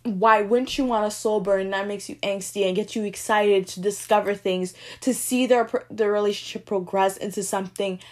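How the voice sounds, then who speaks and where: A young woman chatting casually and gushing as she ranks romance book tropes, swinging between excited squeals and soft murmurs. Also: mid-range voice, normal speed, few pauses. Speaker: book vlogger ranking tropes. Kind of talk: casual chat.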